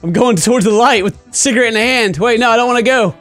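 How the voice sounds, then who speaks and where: A man giving comedic gameplay commentary, joking around and shouting at game characters. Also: very high voice, quick pace. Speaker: gaming channel host. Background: game music.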